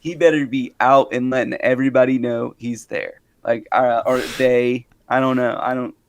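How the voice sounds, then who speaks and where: A man's voice: medium pitch, steady tone, normal speed. A man co-hosting a casual podcast, joking, laughing often and mimicking people in quotes. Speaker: podcast co-host. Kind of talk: casual chat.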